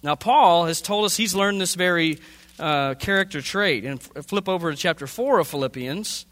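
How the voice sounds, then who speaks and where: A man's voice: high voice, moderate pace, fairly bright tone. A man preaching a sermon as pastor, teaching earnestly and asking his listeners rhetorical questions. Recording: long hall reverb.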